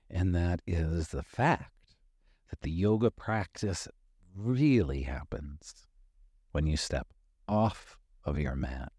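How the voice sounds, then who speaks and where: Low, darkish and husky, the voice belongs to a fifty-something life coach hosting a motivational podcast. He talks frankly and with emphasis, swearing casually and repeating phrases to stress points. The studio sound is clean, with no room sound.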